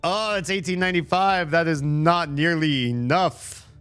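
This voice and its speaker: A man's voice: fairly high pitch, unhurried, a bit bright, clear, resonant tone, soft background music, voice pushed up. A man voicing a cocky schoolboy who haggles over prices in a video game, in a raised voice. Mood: haggling.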